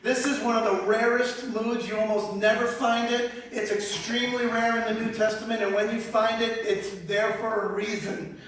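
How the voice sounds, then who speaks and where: High-voiced man teaching the Bible. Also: moderate pace, hardly any pauses. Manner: animated, conversational, repeats words. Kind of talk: sermon-style Bible teaching. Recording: very echoey hall, speaker far from mic.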